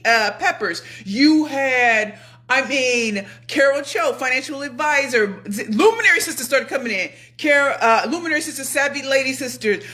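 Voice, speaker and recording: A woman in her forties vlogging from home with a bright, forceful voice. She tells her story in a casual, expressive way, talking straight to her viewers. She moves between loud excitement and soft, confiding asides. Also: medium pitch. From New York area. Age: 40s. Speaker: motivational speaker and vlogger. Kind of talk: casual animated vlog storytelling.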